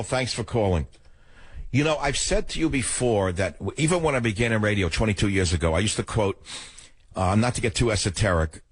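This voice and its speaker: An older talk radio host with a husky voice delivers a political monologue in a studio, the mic picking up no room sound. He speaks emphatically and emotionally, alternating between loud and quiet.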